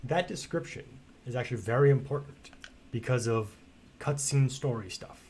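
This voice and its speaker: A man's voice: mid-range voice, moderate pace, darkish tone, a little hiss or hum. Male streamer, casual let's-play commentary, blunt and rambling, swears a lot. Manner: chatty and blunt, swears freely, rambling asides. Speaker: game streamer.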